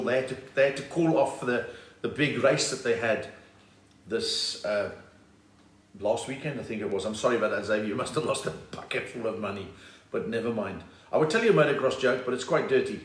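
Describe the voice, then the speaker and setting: A man's voice: fairly high pitch, far from the mic. A South African man hosting a comedy live stream from home, chatting and punning as he greets viewers by name. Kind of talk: casual live-stream chat reading viewer comments. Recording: roomy sound, voice set back from the mic.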